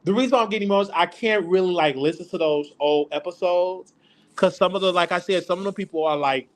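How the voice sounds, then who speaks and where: A man hosting his own live show, chatting casually and excitably as he reminisces out loud. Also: sits high, fast. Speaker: show host. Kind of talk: casual livestream chat.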